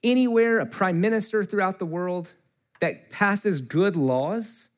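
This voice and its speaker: A man's voice: sits high, a little slow. A man preaching a sermon in a church, telling a story in a loose conversational way and quoting the people in it, with a mic close to his face. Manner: conversational, animated storytelling with quoted voices. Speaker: pastor.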